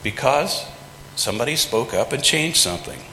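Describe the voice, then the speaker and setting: A man's voice: medium pitch, animated, moderate pace, pushed and bright, a little hiss or hum. A man preaching a sermon from the pulpit in a folksy, conversational way, acting out quotes in plain everyday speech. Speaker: pastor. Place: large church sanctuary. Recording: echoey hall with long reverb.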